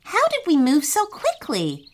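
A woman's voice: very high voice, sing-song, moderate pace, a bit bright, voice pushed up, exaggerated voice. A woman doing an eager little boy. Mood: frightened.

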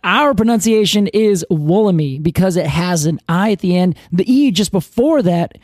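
Chatty guy cohosting a podcast, mellow voice, dry close sound, laughs a lot. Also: high voice, expressive, moderate pace, no echo. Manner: chatty, laughs often, explains at length. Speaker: podcast co-host. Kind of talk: casual chat.

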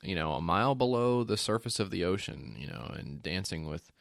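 A man's voice: deep voice, expressive, fairly quick, gravelly, no room sound. A man co-hosting a comedy podcast, laid-back, answering with dry wisecracks. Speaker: podcast co-host. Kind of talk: casual comedic chat.

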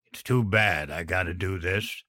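A man's voice: low voice, a little slow, pushed and bright, no echo, clean studio sound, voice pushed down, full character voice. A man voicing a brutal, foul-mouthed adult male biker who snarls profane threats. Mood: taunting.

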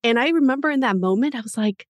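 A woman co-hosting a podcast, telling a personal story in a reflective, steady way. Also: on the high side, fast talker, no echo. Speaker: dating podcast co-host. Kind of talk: casual chat.

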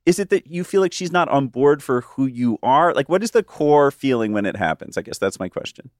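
A man's voice: medium pitch, lively intonation, brisk, few pauses, dry recording, clean studio sound. A male guest on a podcast, asking thoughtful, probing questions. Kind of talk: casual chat.

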